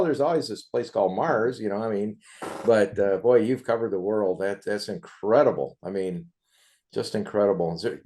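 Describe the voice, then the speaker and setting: A man hosts an interview in a casual, chatty way, rambling enthusiastically between his questions. His voice sits somewhat low. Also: mellow. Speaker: interview host.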